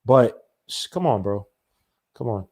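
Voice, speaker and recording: A man hosting a sports podcast, ranting in a rambling, animated way with many restarts. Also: fairly low pitch, measured pace. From not from the American South. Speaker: podcast host. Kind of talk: casual solo sports talk.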